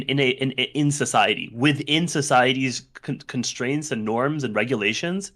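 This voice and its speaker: A man co-hosting a podcast in casual chat, animated and profane, with quick mocking asides. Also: medium pitch. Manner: animated, swears, laughs, mocks types in quoted voices. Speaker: podcast co-host.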